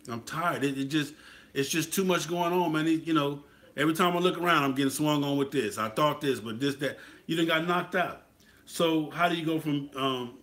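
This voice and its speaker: A man's voice: medium pitch, fairly bright tone. A man giving a casual motivational talk about motorcycle clubs, preachy and repetitive, often checking in with the listener. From Atlanta, US. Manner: preachy, repetitive, asks "you feel what I'm saying?". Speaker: motorcycle club talk host.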